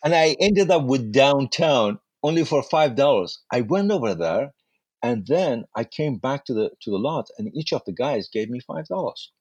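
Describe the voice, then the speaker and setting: Husky man telling stories. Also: mid-range voice, moderate pace, dry recording. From Iran. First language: Farsi. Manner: animated anecdotes with acted-out dialogue. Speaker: interview guest, actor. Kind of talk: casual storytelling.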